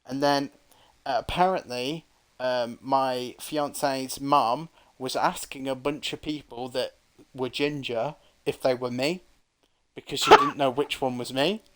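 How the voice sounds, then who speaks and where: A man's voice: medium pitch, a little slow, a bit bright. A man from England, a co-host, recounting his flight step by step in a plain, repetitive, casual way. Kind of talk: casual chat.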